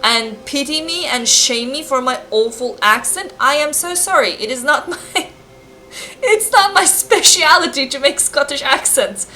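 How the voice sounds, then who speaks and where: A woman's voice: sits high, animated, a little slow, bright, forceful tone, soft background music. A young woman casually commenting on a game she plays, self-mocking and apologetic about her accents. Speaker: gamer, channel host.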